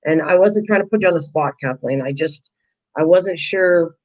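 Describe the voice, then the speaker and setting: A woman's voice: deep voice, moderate pace, a little mellow, poor audio. A chatty woman talking casually to her viewers while she works on a craft project, laughing at herself. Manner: chatty, self-deprecating, talks to viewers in chat. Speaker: craft vlogger.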